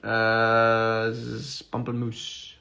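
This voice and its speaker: A man's voice: on the low side, completely flat delivery, extremely slow, gravelly, bright, forceful tone, a little hiss or hum. A male actor casually reading out fan questions during a livestream and answering with fillers and restarts. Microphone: phone.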